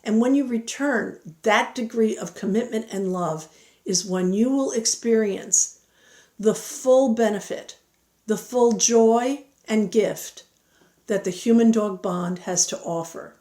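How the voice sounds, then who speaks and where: A woman's voice: on the high side, slow, dark tone, roomy sound. A woman giving earnest, encouraging advice about bonding with dogs. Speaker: dog training speaker. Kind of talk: instructional talk.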